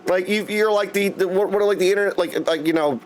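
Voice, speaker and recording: A man's voice: high-pitched, fast talker, a little hiss or hum. A young man hosting a live game stream in casual chat, effusive and greeting viewers by name. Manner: chatty and effusive, greets viewers by name, keeps saying "my dude".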